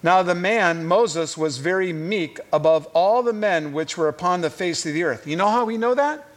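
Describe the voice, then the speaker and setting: A middle-aged man preaching a sermon, telling stories with lively energy and often repeating words as he goes. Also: high voice, normal speed. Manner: animated storytelling, repeats words.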